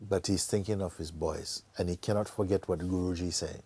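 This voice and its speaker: A man giving a spiritual talk to a gathering, telling a story in a slow, playful way and acting out characters with gasps and laughter. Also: deep voice, fairly even intonation, dark tone, breathy edge. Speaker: spiritual teacher.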